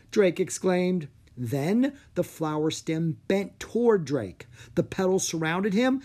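A narrator reading a children's audiobook with expressive storytelling. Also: medium pitch, husky.

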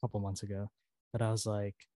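A woman with a very low voice, chatting loosely on a podcast and breaking into giggles as she rambles. She leans on filler words, and her voice sits dry and close to the microphone. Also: flat delivery, fast talker, mellow, no echo. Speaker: podcast co-host. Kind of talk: casual chat.

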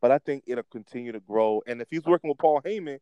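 A young man co-hosting a casual wrestling chat, talking in an animated, rambling way with restarts. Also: mid-range voice, quick pace, clean tone, no echo, dull audio. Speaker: podcast co-host.

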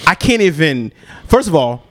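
A man with a high, expressive voice makes his points emphatically in a casual podcast chat. He repeats phrases for weight. The sound is dry and close-miked. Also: moderate pace, dry recording.

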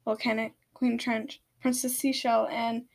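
A woman's voice: on the high side, flat delivery, unhurried. A woman reading her own story aloud, with casual, hesitant asides.

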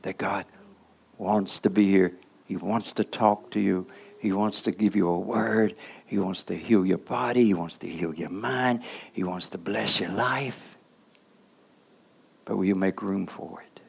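Gravelly man preaching with rhetorical questions. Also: low voice, unhurried. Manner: rhetorical questions with repeated "huh?"; shifts between hushed and loud passages. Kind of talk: sermon.

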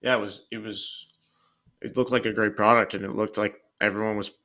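A man's voice: on the low side, flat delivery, brisk, sharp tone. A man co-hosting a podcast, chatting casually and thinking aloud with frequent restarts. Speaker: podcast co-host. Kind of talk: casual chat.

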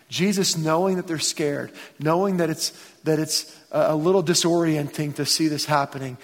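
Speaking at a normal speed, this pastor's sermon comes in a voice that sits high for a man. His manner is casual storytelling: he retells scripture and plays the characters using everyday modern slang. The church gives the recording a long reverb.

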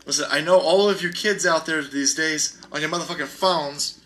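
A man's voice: on the high side, steady tone, moderate pace, bright, forceful tone, a little hiss or hum. Profane, ranting man. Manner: profane, sarcastic, heated. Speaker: podcast host. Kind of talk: ranting podcast commentary.

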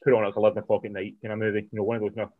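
A man co-hosting a podcast, giving quick, opinionated film takes and steering the talk to the next title. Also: fairly low pitch, completely flat delivery, no room sound. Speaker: podcast co-host. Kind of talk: casual film review chat. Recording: tinny phone-like line, dry.

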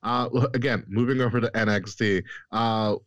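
A man's voice: fairly low pitch, fairly even intonation, normal speed, a bit bright, no echo, dull audio. A man co-hosting a casual wrestling podcast, laughing often and steering the talk between topics. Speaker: podcast co-host.

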